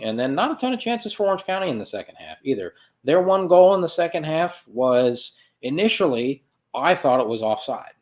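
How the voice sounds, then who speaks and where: A man hosting a soccer podcast, recapping a match in a loose, sarcastic monologue with playful sound effects and self-corrections. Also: mid-range voice. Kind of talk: casual sports recap monologue.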